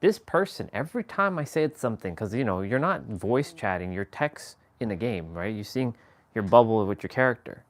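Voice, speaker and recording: A man's voice: fairly low pitch, lively intonation, normal speed. A man hosting a live stream, chatting casually in a rambling, slangy way with chuckling asides. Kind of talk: casual chat.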